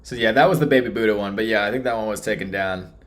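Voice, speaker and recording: A man's voice: on the low side, quick pace, a bit bright, faint music behind. Rambling man chatting on a stream. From Texas. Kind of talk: casual live-stream commentary.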